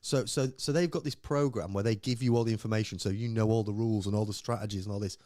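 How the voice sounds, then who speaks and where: This podcast co-host has a fairly low voice and talks fast, recorded in studio quality with no room sound. He chats casually over beer, rambling and telling animated stories in which he acts out the quotes.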